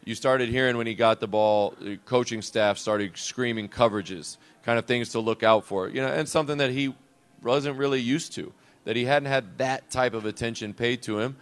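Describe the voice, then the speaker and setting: A man's voice: medium pitch, moderate pace, smooth. A man, a head basketball coach, talking in a reflective, loose and unscripted way on a coach's show. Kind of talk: conversational coach's show interview.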